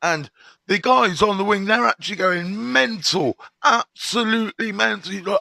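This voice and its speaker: A middle-aged man spins a prison tale live to his viewers, swearing freely and dropping street slang. His voice sits high for a man and comes across bright and sharp. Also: moderate pace, gravelly, no echo. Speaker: live-stream host. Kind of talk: storytelling on a live stream.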